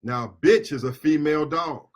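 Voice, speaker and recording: A middle-aged American man giving a fiery political speech as an attorney and activist, impassioned and shouting at peaks, with call-and-response chants. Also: fairly high pitch, normal speed. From United States.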